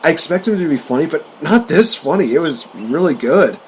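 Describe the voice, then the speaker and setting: A man's voice: fairly high pitch, animated, a little fast, a little hiss or hum. Rambling, laughing guy chatting about movies. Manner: rambling, laughing, full of fillers. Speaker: podcast host. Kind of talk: casual chat about movies.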